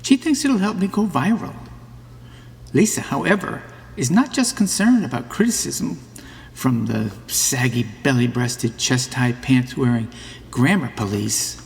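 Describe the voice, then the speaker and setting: A man with a gravelly, fry-laden voice tells a comic story in a dry, mock-serious tone. His slightly high pitch rises and falls in lively swings, and a long hall reverb trails behind him. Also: measured pace. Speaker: narrator of a mock book trailer. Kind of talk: scripted comic monologue.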